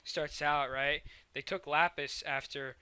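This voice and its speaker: A man's voice: a little high, steady tone, measured pace, sharp tone, clear, resonant tone, no echo. A man recapping cartoon episodes in a rambling, profane way, full of fillers and sound effects. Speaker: show recapper.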